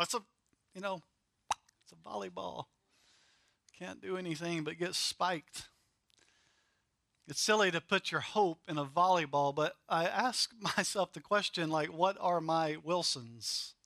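Bright-voiced, high-pitched male preacher. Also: dry recording. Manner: emphatic, repetitive preaching with rising and falling intensity. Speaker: pastor. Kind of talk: sermon.

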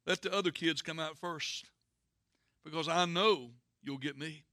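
A man's voice: fairly high pitch, unhurried, bright, forceful tone, no room sound, clean studio sound. A man voicing a brave young schoolboy who trusts his father, speaking earnestly.

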